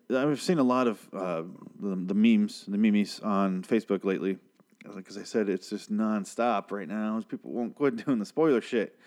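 A man's voice: on the low side, darkish tone. A young man casually recapping a TV episode in a rambling, profane, sarcastic way. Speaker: TV show reviewer.

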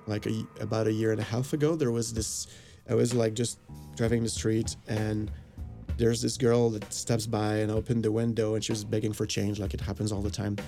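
Gravelly man telling a rambling story. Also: fairly low pitch, flat delivery, moderate pace, mellow, faint music behind. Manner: rambling, many fillers and quoted dialogue. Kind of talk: casual anecdote. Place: Los Angeles area.

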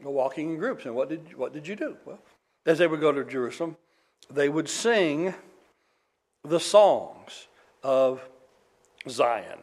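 A man's voice: on the high side, lively intonation, measured pace, pauses often. A man preaching a sermon in a conversational way, with dry humor, reading scripture aloud. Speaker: pastor.

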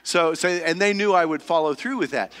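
Halting pastor in a reverberant church. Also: male voice, on the high side, fairly bright tone. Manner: halting, repeats words, earnest. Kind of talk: sermon. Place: church sanctuary. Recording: long reverb of a church hall.

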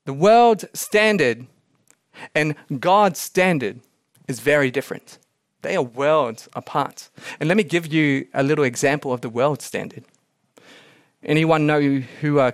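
This podcast sermon comes from a male pastor with a high-sitting voice who keeps a measured pace. He tells animated stories and drops in chuckling asides. The sound is close and dry, free of any room echo.

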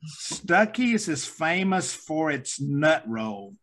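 A middle-aged man hosting an interview podcast, genial and quick to laugh, with some halting restarts. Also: a little high, very animated, fairly bright tone. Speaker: podcast host.

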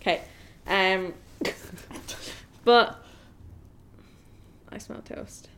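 A woman's voice: mid-range voice, fairly even intonation, extremely slow, gravelly, fairly bright tone. A woman co-hosting a podcast, chatting casually and playfully about a film, often laughing. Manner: giggly, playful, jokey. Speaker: podcast co-host. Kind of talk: casual film-review chat.

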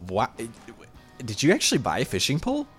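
A man's voice: mid-range voice, huge pitch swings, a little fast, fairly bright tone, faint music behind. A man co-hosting a podcast in casual chat, hesitant and stammering, and often laughing. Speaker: podcast co-host.

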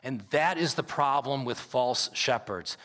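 In a clear, ringing, fairly bright mid-range voice, a male pastor preaches emphatically and without hurry. He reads scripture at length and hammers key phrases by saying them twice, his words lingering in the long reverb of a large church sanctuary.

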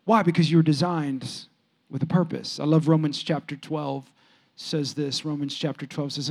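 High-voiced animated male preacher. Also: normal speed, creaky. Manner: animated, jumps sharply higher and louder when excited, then drops soft; conversational, storytelling preacher with casual slang. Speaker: pastor. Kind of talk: sermon with audience interaction.

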